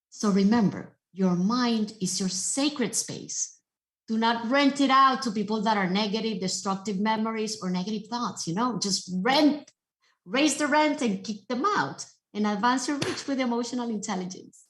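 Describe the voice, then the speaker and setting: A woman's voice: fairly high pitch, normal speed. Storytelling woman speaker in an echoey room. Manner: storytelling, animated and emphatic. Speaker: guest speaker. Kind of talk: motivational talk.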